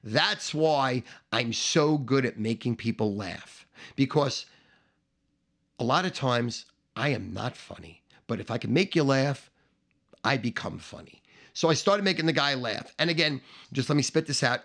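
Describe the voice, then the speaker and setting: A man's voice: mid-range voice, lively intonation, normal speed, fairly bright tone. A middle-aged man telling a profane, boastful story, emphatic and swaggering, building up through repeated phrases.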